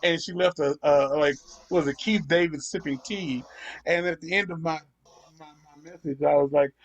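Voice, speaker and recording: A man's voice: a little high, fairly even intonation, moderate pace, dull audio. A young man hosting a gaming channel, ranting profanely in casual chat while he plays. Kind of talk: casual chat over gameplay.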